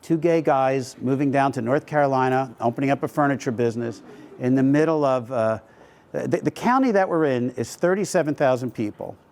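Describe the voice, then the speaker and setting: A man's voice: mid-range voice, brisk, darkish tone. A middle-aged man, a company co-founder, speaking at a live event in a conversational storytelling way with frequent fillers. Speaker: company co-founder giving a talk.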